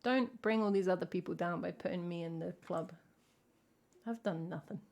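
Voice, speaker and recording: A woman's voice: fairly low pitch, normal speed, darkish tone. A woman with an English accent, a singer-songwriter chatting casually with her live stream audience in a dry, self-mocking way. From England. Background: ukulele playing.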